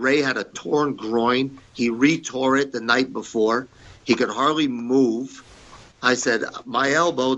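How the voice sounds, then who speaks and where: Guesting on a podcast, this ex-wrestler has a mid-range voice that comes across bright and forceful on a lo-fi recording. His storytelling is casual, blunt and full of swearing, and he loudly performs the lines of whoever he's quoting.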